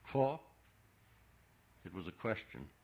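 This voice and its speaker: A man narrating a literary audiobook in a measured, subdued reading. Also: lowish voice. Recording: dull lo-fi recording.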